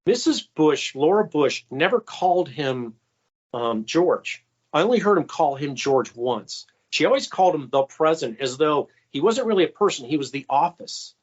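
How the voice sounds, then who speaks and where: A man's voice: big pitch swings, moderate pace, muffled recording. A man guest telling insider stories in an interview, with casual fillers and quoted asides. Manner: anecdotal, acts out quoted voices with raised pitch. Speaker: guest, former White House stenographer. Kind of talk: storytelling interview answers.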